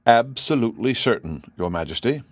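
A man voicing a calm, blunt army general who speaks in a steady, dry manner. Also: mid-range voice, brisk, no room sound, natural voice.

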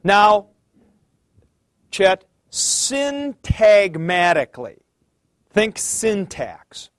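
A man's voice: sits high, sing-song, very slow, no echo, clean studio sound. A man teaching a class, explaining patiently, calling on students by name and thinking aloud as he goes. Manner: thinks aloud with fillers and restarts. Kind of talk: classroom lecture.

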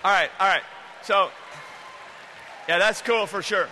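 A male pastor preaching a lively sermon, acting out the story and drawing the congregation in. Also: high-pitched, unhurried, crowd noise. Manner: animated, acts out the story with the congregation. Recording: echoey hall.

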